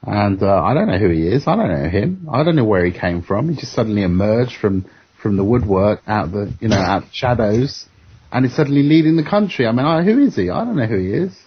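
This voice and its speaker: A man's voice: lowish voice, big pitch swings, brisk, husky. A man on an online radio panel, talking hesitantly with repeated words and dry complaints. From United Kingdom. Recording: dull lo-fi internet radio audio.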